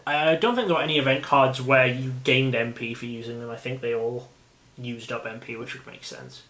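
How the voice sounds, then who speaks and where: A British man talks casually at a mid pitch, hosting and thinking aloud as he goes. He rambles and often restarts his sentences. The recording carries a noticeable room echo. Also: fairly even intonation, brisk, fairly bright tone. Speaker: channel host. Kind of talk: casual chat about a card game. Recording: echoey room.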